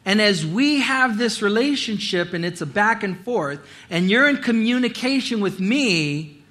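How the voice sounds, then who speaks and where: Bright, high-voiced man preaching. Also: a little slow. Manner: animated storytelling, acting out voices and quotes. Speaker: pastor. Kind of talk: sermon.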